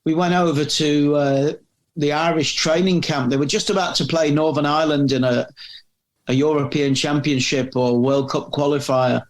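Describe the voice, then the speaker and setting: A middle-aged former magazine editor, appearing as a podcast guest, tells long, rambling anecdotes in casual chat and often restarts his sentences. His voice is fairly high and steady, at normal speed.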